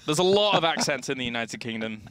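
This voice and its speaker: Bright-voiced Englishman with a southern accent. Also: medium pitch, animated, fast, clean tone, dry recording. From England. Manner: chatty, jokey, laughs often. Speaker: esports commentator. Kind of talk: live game commentary, casual banter.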